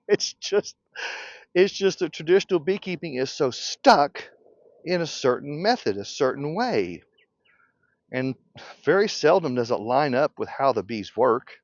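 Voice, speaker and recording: Older guy on a fiery rant about beekeeping, pitch jumping all over, dull lo-fi sound, dry room. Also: animated, a little slow, pauses often, dry recording. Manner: fiery, laughs often, blunt and provocative. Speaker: beekeeping teacher. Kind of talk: passionate unscripted rant. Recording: dull lo-fi recording.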